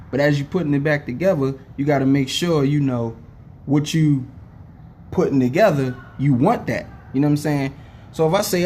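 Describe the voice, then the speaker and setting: A man's voice: a little high, a little mellow, slight background noise. A young man, ranting to camera as a sports fan, profane and heated, with a headache, often saying "know what I'm saying". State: has a headache. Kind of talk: casual rant to camera.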